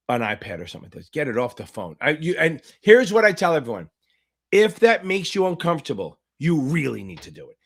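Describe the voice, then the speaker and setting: A man tutoring for a finance exam, hosting a livestream Q&A, loud and profane, hyping viewers up and answering chat questions. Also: a little high. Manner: loud, profane, hyped-up coaching.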